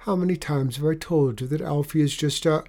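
A stern but loving mother dragon, as a male narrator plays her, lecturing her son in a measured voice. The tone stays warm and dark. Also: on the high side, pitched above the performer's own voice, natural voice.

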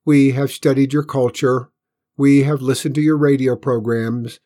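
A man's voice: mid-range voice, flat delivery, normal speed, warm tone, natural voice. A man voicing a group of alien scouts who speak in a stiff, formal and condescending way. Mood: haughty. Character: pompous alien scouts from space, cold and superior.

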